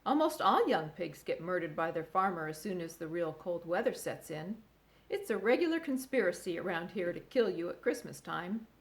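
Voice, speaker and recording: A woman's voice: on the low side, sing-song, moderate pace. A woman voicing an old female sheep who talks in a blunt, matter-of-fact way.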